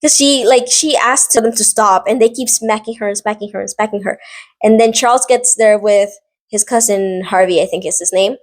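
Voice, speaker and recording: A woman vlogger casually recapping a drama series, animated and rambling, filling her talk with "like" and side notes. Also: medium pitch, moderate pace. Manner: animated, rambling, heavy use of "like".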